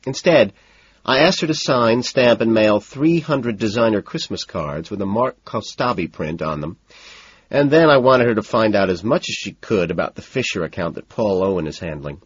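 Husky man narrating in a detached tone. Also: fairly low pitch, animated, moderate pace, dry recording, dull audio. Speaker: audiobook narrator. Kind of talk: scripted first-person narration.

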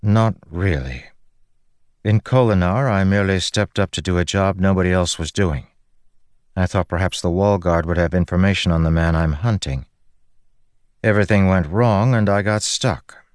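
Audiobook figure: male reader playing a cool, guarded swordswoman, low-key and dry. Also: normal speed, smooth, no room sound, close to an everyday voice. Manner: calm, dry, understated. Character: mysterious woman warrior, calm and guarded.

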